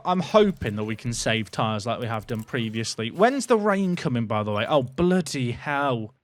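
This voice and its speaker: A young man chatting excitedly to his stream chat while commentating his own racing game session. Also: medium pitch, moderate pace, few pauses, no room sound. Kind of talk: live gameplay commentary. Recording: faint game music behind.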